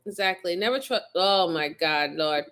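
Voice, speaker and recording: A woman's voice: fairly low pitch, animated, moderate pace, a bit bright, clear, resonant tone. A woman hosting a casual livestream, reacting to a crime video and teasing her viewers by name with lots of laughter.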